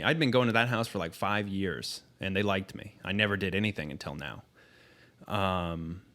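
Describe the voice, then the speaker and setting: A man with a fairly low voice tells a story in casual conversation. He is blunt and swears freely, and he often pauses with ums as he works through the telling. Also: a bit bright. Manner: candid and profane, halting with frequent ums. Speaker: podcast guest.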